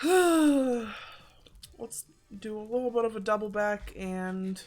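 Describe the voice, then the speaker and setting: A woman's voice: fairly high pitch, lively intonation, slow. A woman streaming a video game, chatting casually and joking at her own expense, with a slightly congested throat. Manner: chatty, self-deprecating, swearing. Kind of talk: casual gaming commentary.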